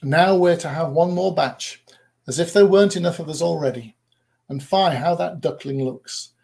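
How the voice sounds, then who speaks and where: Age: adult. Figure: spiteful gossiping ducks, put on by a man. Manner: sneering, scornful. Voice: raised, gravelly. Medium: storybook. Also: on the high side, normal speed, a little mellow.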